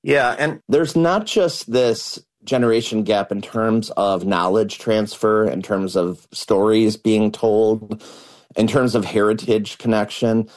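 Guy, lowish voice, earnest organizer explaining stuff clearly. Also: fairly even intonation, takes it slowly, darkish tone. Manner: articulate, earnest advocate. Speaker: community project organizer. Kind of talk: radio interview.

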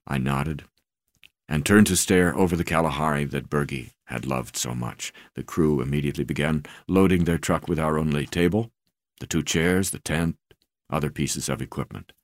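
A man reading a memoir aloud as an audiobook narrator, in a measured, deliberate way. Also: very deep voice, no echo, studio quality.

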